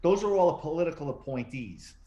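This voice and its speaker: A middle-aged retired police detective and author, a guest in a casual interview, tells stories and acts out the voices of the people he quotes with animation. His slightly high voice moves fairly quickly, and the lo-fi recording has a roomy echo.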